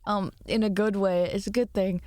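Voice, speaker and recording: A woman's voice: medium pitch, steady tone, moderate pace, dark tone, dry recording, studio quality. A tired woman streamer chatting casually and rambling, laughing as she answers her chat. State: tired from little sleep. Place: home room.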